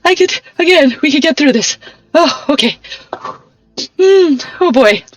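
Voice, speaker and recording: A woman's voice: high voice, expressive, unhurried, dry recording. A young woman live-streaming a game, chatting with her viewers and laughing often. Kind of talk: casual live-stream chat while gaming. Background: game music.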